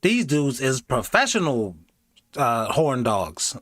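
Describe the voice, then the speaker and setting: A man's voice: medium pitch, takes it slowly, no echo, studio quality. A man hosting a reaction video, talking casually and jokingly, slipping into mocking voices. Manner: animated, jokey, does mocking voices.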